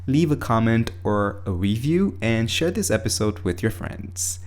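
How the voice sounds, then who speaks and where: A man's voice: fairly low pitch, animated, unhurried, reverberant. A man hosting a podcast, introducing the episode and chatting in a friendly way, sometimes restarting his sentences. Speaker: podcast host. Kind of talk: podcast intro and casual interview.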